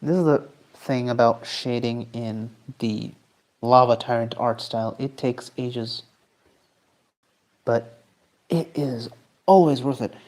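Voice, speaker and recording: Male streamer, laid-back rambling chat, mid-pitched voice. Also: slow, long pauses. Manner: relaxed, rambling, answers chat while drawing. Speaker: streamer and artist. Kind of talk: casual livestream chat.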